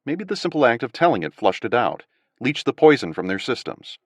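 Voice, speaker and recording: A male audiobook narrator reading with lively, animated pitch and a middle-range voice. The sound is dry and close, recorded on a studio mic with no room echo. His delivery is expressive and scripted. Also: a little fast.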